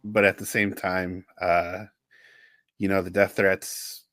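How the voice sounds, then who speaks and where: An American man co-hosting a podcast, speaking haltingly with many fillers. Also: sits low, flat delivery, a bit bright, no room sound. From USA. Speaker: podcast co-host. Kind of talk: casual podcast chat.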